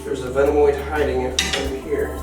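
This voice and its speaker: With a medium-pitched, level voice at a moderate pace, the wildlife keeper playfully narrates while cleaning enclosures and chatting to the animals. It's an indoor enclosure room, captured roomy by a distant mic with music underneath.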